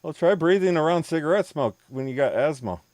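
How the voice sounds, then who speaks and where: A man's voice: on the high side, animated, fairly quick, darkish tone, no echo. A man streaming a game and chatting casually with viewers, rambling, laughing often and swearing freely. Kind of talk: casual live-stream chat.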